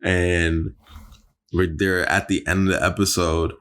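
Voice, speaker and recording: A young man co-hosting a podcast, talking in a relaxed, slangy way full of "like" and "yo". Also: sits low, measured pace, clean tone. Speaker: podcast co-host. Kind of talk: casual chat.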